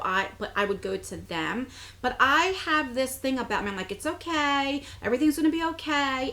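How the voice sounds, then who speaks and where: Jersey lady in her 40s vlogging, reading comments out, chatty and rambly, laughs a lot, bouncy highish voice. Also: pushed and bright. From New Jersey. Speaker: beauty vlogger. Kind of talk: casual chat reading viewer comments.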